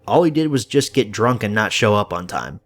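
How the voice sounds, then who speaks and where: Animated, profane young male movie reviewer. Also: lowish voice, fairly quick. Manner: enthusiastic, profane, occasional stammers. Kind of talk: casual spoken film review.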